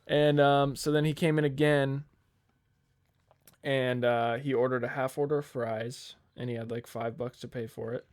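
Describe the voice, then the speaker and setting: A man's voice: medium pitch, fairly even intonation, normal speed, a little mellow. A young man on a podcast telling a long, rambling work story in casual chat, swearing freely and quoting the people in it. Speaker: podcast co-host.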